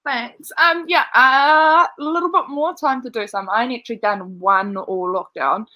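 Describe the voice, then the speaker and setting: Chatty New woman, slightly high. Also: fairly even intonation, normal speed, bright, forceful tone, dry recording. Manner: chatty, laughing, acting out quoted voices. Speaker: netball player, guest. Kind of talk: casual video call chat.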